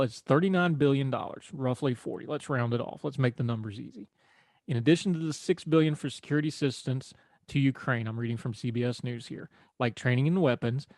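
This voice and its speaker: A man's voice: mid-range voice, darkish tone, no echo. A man hosting a political talk radio show, folksy and conversational with wry asides. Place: radio studio.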